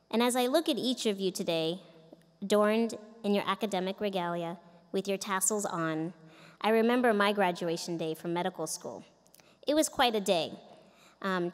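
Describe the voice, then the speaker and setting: Woman giving an earnest speech in an echoey arena. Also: medium pitch. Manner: earnest, storytelling with quoted voices. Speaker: commencement speaker. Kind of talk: commencement speech. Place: large indoor events arena.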